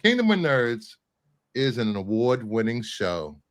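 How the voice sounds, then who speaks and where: A man's voice: mid-range voice, big pitch swings, measured pace. Joking man hosting a chatty show. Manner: joking, rambling, with many fillers. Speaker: podcast host. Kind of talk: casual chat.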